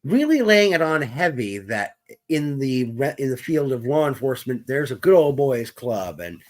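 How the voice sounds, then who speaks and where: A man's voice: mid-range voice, big pitch swings, moderate pace, a little mellow. A man co-hosting a gaming podcast, ranting heatedly and profanely in wordy, formal language. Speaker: podcast co-host. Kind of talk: opinionated gaming discussion.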